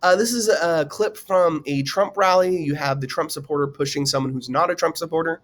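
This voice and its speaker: A man's voice: on the high side, brisk, fairly bright tone. A man teaching in a casual, conversational way, with many fillers and questions put to the viewer. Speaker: teacher explaining a political topic. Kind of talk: casual explainer lecture.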